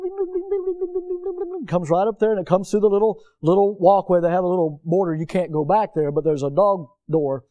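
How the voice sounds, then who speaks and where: A pastor preaching with lots of movement and homespun stories. His voice sits high for a man but sounds soft and mellow. He delivers his sermon from a church pulpit. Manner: animated, moves around the pulpit, folksy storytelling. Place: church sanctuary.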